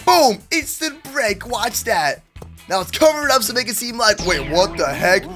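A young man hosting a gaming video, giving energetic commentary in a hyped, hushed, sneaky way. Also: sits high, normal speed, music in the background. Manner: hyped, hushed stealth narration.

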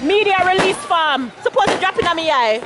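A woman vlogging outdoors at a backyard party, shouting panicked exclamations and mixing patois with English. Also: very high voice, lively intonation, brisk. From Canada. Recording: phone video with loud crowd and fireworks noise.

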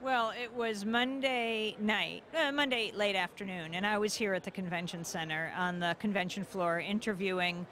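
A woman's voice: mid-range voice, moderate pace, hardly any pauses, a bit bright. A woman news host giving an interview, telling her story urgently and rising to indignant emphasis. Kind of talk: interview, personal account. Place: convention hall.

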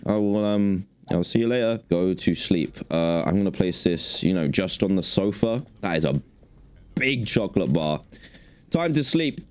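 Excitable man narrating a game. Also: lowish voice. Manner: excitable, jokey, chattering to game characters. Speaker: gaming video host. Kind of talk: let's play commentary.

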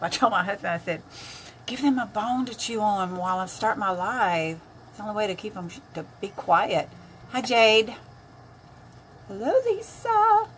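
A woman's voice: mid-range voice, sharp tone, slight background noise. An older woman chatting casually on a makeup live stream, greeting viewers by name as she works.

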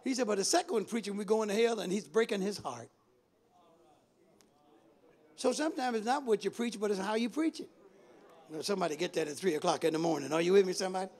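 A male bishop delivers a Bible study sermon, alternating between loud calls and low, stretched-out phrases while calling out to the congregation.

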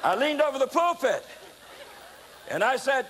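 A man, an evangelist preacher, telling a testimony in a sermon as an animated storyteller who acts out voices and shouts. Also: very high-pitched, a little slow, pauses often, long reverb tail, a little hiss or hum. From United States.

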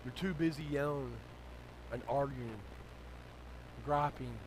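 A male pastor, preaching a sermon that moves from low, conversational storytelling to loud, shouted exhortation. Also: takes it slowly, noisy background.

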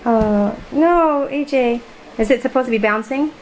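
A woman's voice: fairly high pitch, unhurried, darkish tone. A woman filming a home video, coaxing and prompting her small child in his bedroom. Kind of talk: casual home video chat. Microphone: handheld camera mic. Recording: noisy home camcorder audio.

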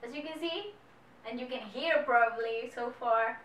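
A woman's voice: a little high, moderate pace, fairly bright tone, distant mic. A woman hosting a casual music channel chat, talking to viewers in a chatty, upbeat way. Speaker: host. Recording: echoey room from off-mic, faint noise.

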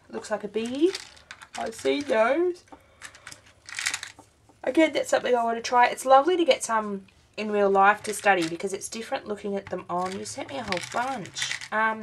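A woman's voice: mid-range voice, vocal fry, background noise. A woman, tired and yawning, chatting through a craft unboxing vlog and exclaiming over each little item. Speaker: craft vlogger.

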